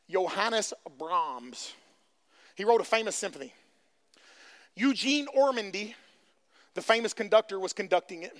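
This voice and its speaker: A male pastor preaching with high energy, his voice sitting very high and ringing bright. He calls out to the crowd and hammers his points home by repeating them. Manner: calls out to the congregation, repeats phrases for emphasis.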